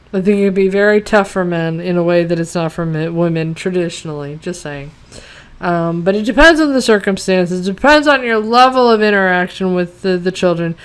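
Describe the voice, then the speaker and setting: A woman's voice: mid-range voice, fairly bright tone, clean tone. A woman giving a casual ranting review of a TV episode, exasperated, sarcastic and profane, rambling with lots of fillers.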